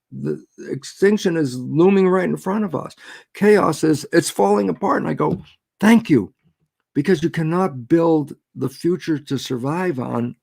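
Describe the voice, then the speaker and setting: Older guy with a gravelly voice telling stories, acts out what people said, dry close mic. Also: on the high side, dry recording. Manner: expressive, acts out quoted voices, laughs easily. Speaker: guest scientist. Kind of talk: animated storytelling in a conversation.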